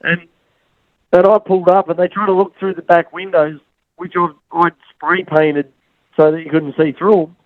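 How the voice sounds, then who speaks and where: A man's voice: a little high, flat delivery, moderate pace, no room sound, narrow, tinny audio. An Australian man, a motorcycle racer and podcast guest, telling rambling stories with plenty of restarts and acting out what other people said. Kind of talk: casual storytelling on a podcast.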